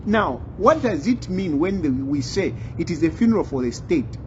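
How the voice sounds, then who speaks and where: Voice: medium pitch, animated, normal speed, highs cut off, slight background noise. A channel host giving commentary, insistent and repeating phrases for emphasis. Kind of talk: commentary to camera.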